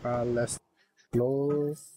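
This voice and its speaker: A man giving rambling play-by-play commentary on a horror game, with loud outbursts. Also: mid-range voice, level tone, extremely slow, background noise. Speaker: gaming streamer.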